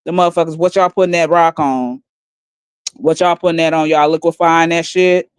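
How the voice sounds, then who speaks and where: A woman livestreaming on her phone, taunting and mocking others in a calm, profane, smooth way. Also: deep voice, normal speed, no echo. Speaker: livestream host. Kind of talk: casual livestream rant.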